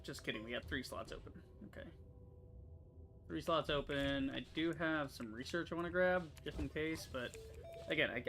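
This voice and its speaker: A man's voice: mid-range voice, gravelly, sharp tone. A young man, a gaming streamer, giving casual let's-play commentary, muttering to himself and cursing when the game annoys him. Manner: profane, quick to frustration, muttering to himself.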